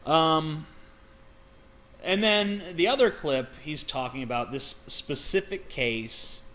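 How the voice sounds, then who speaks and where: A man's voice: fairly high pitch, slow, fairly bright tone. A man ranting in a casual vlog. He argues in a heated, profane way and often stammers and restarts. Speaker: vlogger.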